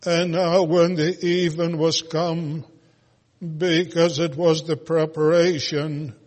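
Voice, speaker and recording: Slow-intoning man in a reverberant hall. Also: on the high side, a little mellow. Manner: slow, intoned, almost chanted delivery with occasional filler pauses. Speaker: scripture reader. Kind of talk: solemn scripture reading.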